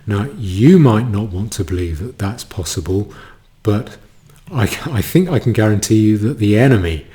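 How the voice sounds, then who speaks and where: A man giving a solo commentary monologue, halting, with many stammered restarts. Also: on the low side, lively intonation, dark tone.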